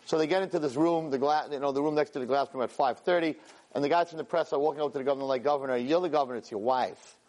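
A man teaching a weekly class, telling a story with lively energy, stumbling over and repeating words and acting out the characters' lines. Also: a little high, racing. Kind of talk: animated storytelling lesson.

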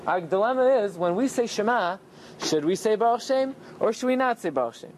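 A man giving an animated Torah class, telling the story with lots of rhetorical questions. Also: high-pitched, fairly quick, slight background noise. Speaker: rabbi teaching Torah.

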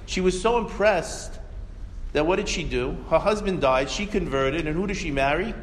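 A man's voice: on the high side, moderate pace, slight background noise. Man teaching in an echoey hall. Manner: animated storytelling with rhetorical questions. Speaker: religious teacher. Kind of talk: Torah class lecture.

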